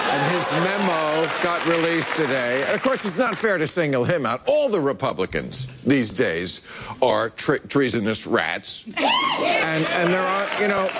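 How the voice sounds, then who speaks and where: A male late-night TV comedy host delivering a mocking comedic monologue with punchlines. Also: fairly high pitch. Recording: loud studio audience and noise.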